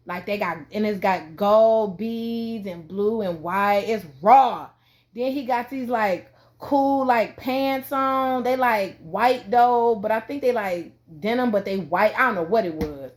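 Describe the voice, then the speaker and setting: A woman casually telling a story to her viewers, full of "like" and slang, acting out the quoted lines in a jumpy, lively way. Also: takes it slowly. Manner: animated, acts out quoted dialogue with big pitch jumps; heavy filler "like", loose slangy phrasing. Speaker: vlogger.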